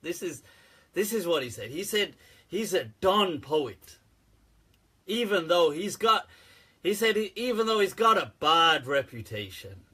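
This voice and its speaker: Male host, live-stream chat, slow and jokey, husky, prone to laughing. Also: sits high, very animated, bright, forceful tone. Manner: laughs a lot, joking and teasing. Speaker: host of a live Islamic Q&A show.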